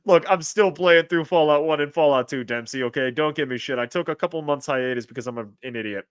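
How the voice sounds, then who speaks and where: A man hosting a casual livestream, reading chat aloud and rambling, with restarts and sudden excited jumps in pitch. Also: fast, smooth, dry recording. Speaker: streamer host reading chat.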